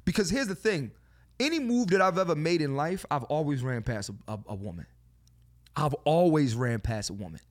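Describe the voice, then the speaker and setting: Man, podcast host, casual chat, animated and profane, slightly high voice. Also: moderate pace. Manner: animated, swearing, repeats "you know what I'm saying". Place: studio.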